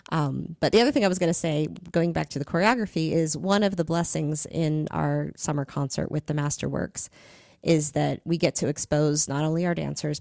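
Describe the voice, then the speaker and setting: A woman's voice: low-pitched, creaky, darkish tone, dry recording, studio quality. A middle-aged woman, a dance instructor, explaining with enthusiasm and everyday comparisons in casual conversation.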